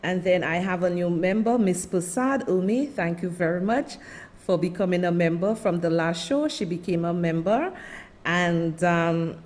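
A woman's voice: on the low side, moderate pace, darkish tone. Chatty Saint Lucian woman host. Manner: chatty, calls viewers darling and names them one by one. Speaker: show host. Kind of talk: casual livestream chat with viewer shout-outs.

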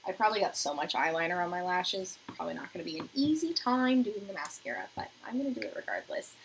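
A young woman hosting a beauty livestream from her apartment, chatting casually while doing her makeup and reading viewer comments aloud, sometimes dropping to a soft murmur. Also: medium pitch, animated, quick pace, creaky, slight background noise, rough recording. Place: home apartment.

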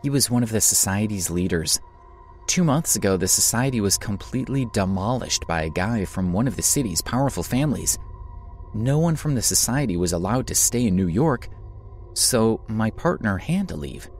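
A man voicing a young single mother, his voice raised a little higher. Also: expressive, moderate pace, a little mellow, faint music behind. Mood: wistful.

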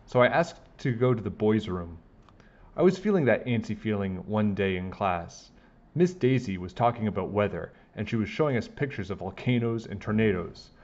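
A man reading a children's chapter book aloud, with animated, expressive storytelling. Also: lowish voice, muffled recording. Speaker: storybook reader.

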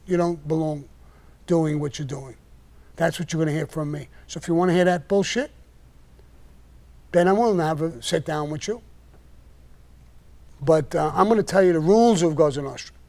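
A man's voice: on the high side, normal speed, pauses often, a little mellow. Blunt, profane older man. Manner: blunt, profane, heated when ranting. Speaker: podcast host telling stories. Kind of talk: casual storytelling on a live stream.

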